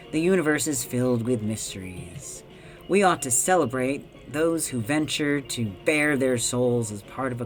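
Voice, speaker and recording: A man reading a smooth, coaxing game narrator. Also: medium pitch, natural voice.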